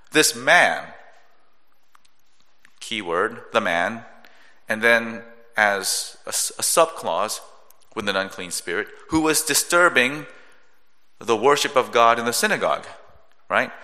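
Slow-speaking preacher man in a reverberant hall. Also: mid-range voice, expressive, pushed and bright. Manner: measured teaching tone with frequent rhetorical "right?". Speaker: pastor. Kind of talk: sermon. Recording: long reverb of a large hall.

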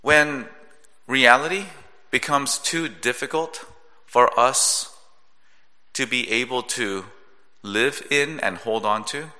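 A male pastor preaching a sermon in a measured teaching tone, often checking in with a rhetorical "right?". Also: medium pitch, bright, forceful tone. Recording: long reverb of a large hall.

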